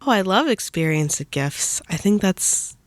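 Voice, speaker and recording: A woman's voice: mid-range voice, big pitch swings, measured pace, no room sound. Young woman, chatty, dry close sound. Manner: chatty, frequent "like" fillers. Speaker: podcast co-host, daughter. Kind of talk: casual family podcast chat.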